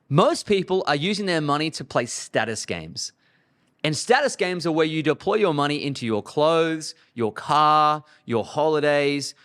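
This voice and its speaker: A man's voice: on the high side, a bit bright. A man in his thirties delivering blunt, emphatic money advice as a show host.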